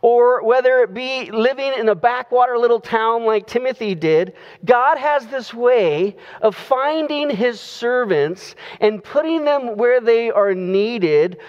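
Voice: medium pitch, big-room sound, highs cut off. A pastor preaching a sermon in a conversational way, drawing out key phrases, recorded in a church sanctuary.

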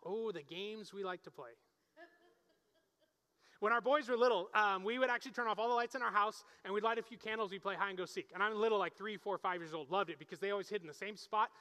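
A middle-aged man preaching a sermon in a relaxed, conversational way, often checking in with his listeners. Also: high voice, fast talker. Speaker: pastor. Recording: long reverb of a large hall.

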